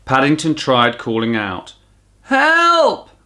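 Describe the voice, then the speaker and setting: A man, a primary school teacher, reading a children's storybook aloud with animated storytelling. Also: lowish voice, measured pace.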